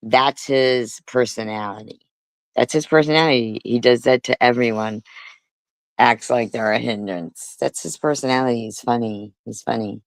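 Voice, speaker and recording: In a heated livestream rant, a woman streamer argues angrily with critics, cursing often and repeating herself. Her voice is extremely low and her speed normal, and the recording is dry.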